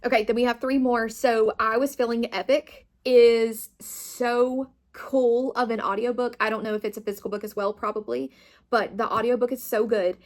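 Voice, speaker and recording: An enthusiastic young woman talks through her month of reading in a relaxed, chatty way, gushing over favorites. Her voice sits a little higher than most. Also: normal speed. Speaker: booktube host. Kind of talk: casual reading wrap-up chat.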